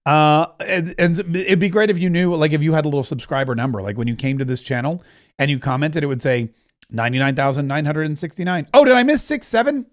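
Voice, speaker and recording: A middle-aged man chats casually on his livestream, wandering from story to story and cracking jokes. His voice sits a touch higher than most men's. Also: fairly even intonation, fast. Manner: rambling, joking, reads out viewer comments. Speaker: livestream host.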